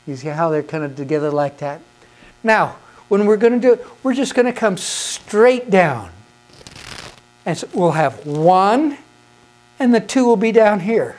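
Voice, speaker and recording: A woman's voice: mid-range voice, lively intonation, normal speed, darkish tone. A woman giving a patient, encouraging lesson on conducting hymns, counting the beats aloud. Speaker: music teacher.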